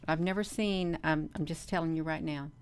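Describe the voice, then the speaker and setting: A woman hosting a casual livestream vlog, talking in an earnest, repetitive way with many pauses and ums. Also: low voice, fairly even intonation, clear, resonant tone. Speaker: channel host.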